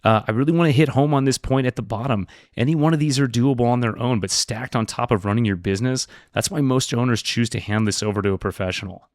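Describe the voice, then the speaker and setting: A man's voice: medium pitch, fast, few pauses, no room sound, clean studio sound. A man working as a business broker, presenting an explainer video in a direct, upbeat teaching tone.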